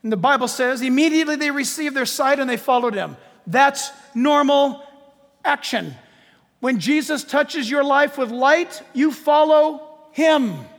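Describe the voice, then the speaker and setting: High-voiced animated male preacher in a hall. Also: unhurried. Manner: animated, jokey preaching with acted-out quotes. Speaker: pastor. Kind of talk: sermon.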